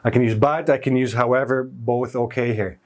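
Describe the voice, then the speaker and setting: A man's voice: medium pitch, steady tone, normal speed. A man teaching an English grammar lesson, explaining patiently and stressing key words.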